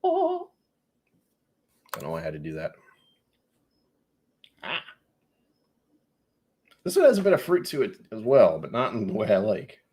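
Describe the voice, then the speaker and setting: A whiskey channel host with a lowish, darkish, slightly rough voice runs a live tasting stream. Casual and rambling, he makes fun of himself and reads chat comments out loud.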